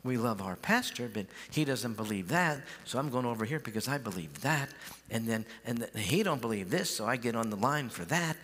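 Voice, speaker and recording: A man's voice: medium pitch, animated, fairly quick, fairly bright tone, breathy edge. A male pastor preaching in a big sanctuary, chatty and folksy, doubling back on his words. His voice sits in an ordinary middle register. Long reverb rings off the hall. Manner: folksy, conversational preaching with repeated starts. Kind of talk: sermon. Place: large church sanctuary.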